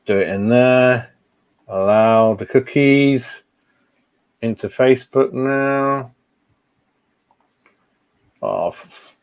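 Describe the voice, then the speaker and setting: Middle-aged man, live stream host, casual and distracted chatter. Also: mid-range voice. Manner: chatty, distracted, muttering while fiddling with a computer. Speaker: fan channel host.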